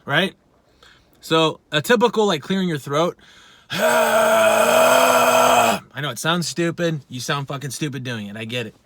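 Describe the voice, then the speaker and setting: Heavy background noise surrounds this male voice coach, whose slightly high voice moves a little fast. He teaches singing in a relaxed, profane, self-mocking way, never softening his bluntness.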